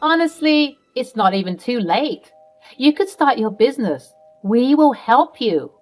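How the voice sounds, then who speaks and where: A woman voicing a scheming older mother-in-law who talks loudly and teases, over faint music. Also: on the high side, sing-song, a little slow, voice pushed up. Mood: earnest.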